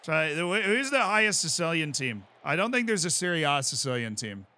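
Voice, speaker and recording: A man in his twenties with an American accent, chatting casually on a live stream as he plays a game and reads out chat, bursting into excited yells. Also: fairly high pitch, moderate pace. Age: 20s. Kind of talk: casual live-stream commentary while gaming.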